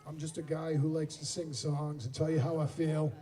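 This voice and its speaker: A man's voice: on the high side, little pitch movement, moderate pace, dark tone. A man in his forties with a Boston accent, joking between songs as a singer-songwriter at an outdoor concert. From Boston area, USA. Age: 40s. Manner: self-deprecating joking. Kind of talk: stage banter at outdoor concert. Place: outdoor amphitheater stage. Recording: distant PA sound with music.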